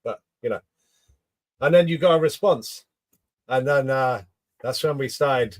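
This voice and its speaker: A man's voice: medium pitch, a little slow, long pauses, no echo. Man telling a story, dry close sound. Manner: relaxed anecdote telling, acts out quotes. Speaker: podcast guest. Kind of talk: casual storytelling chat.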